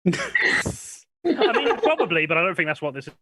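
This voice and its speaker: A man's voice: high-pitched, huge pitch swings, crowd noise. A man hosting a live comedy panel game over a video call, laughing often and stammering as he talks. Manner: giggly, stammering, quick laughter. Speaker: game show host.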